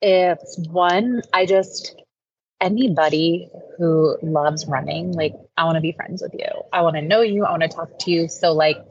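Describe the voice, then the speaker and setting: A woman's voice: fairly low pitch, moderate pace, no echo. A woman guest on a podcast, chatting in an earnest, casual way and leaning on "like" a lot. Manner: earnest, heavy use of "like". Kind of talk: casual interview chat. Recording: slightly dull lo-fi audio, faint noise.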